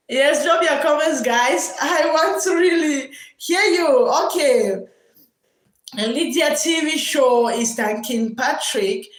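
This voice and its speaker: A woman teacher hosts a live stream and reads viewer comments aloud. She talks slowly in a loud classroom voice, pitched a little high, and repeats her questions over and over. The room around her is echoey.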